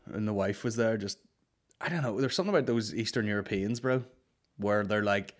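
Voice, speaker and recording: A man in his thirties tells rambling, profane comic stories. His voice sits fairly low, and he keeps it animated and loose. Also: fairly quick. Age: 30s. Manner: swears a lot, rambling, animated. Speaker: podcast host. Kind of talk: casual comedic storytelling.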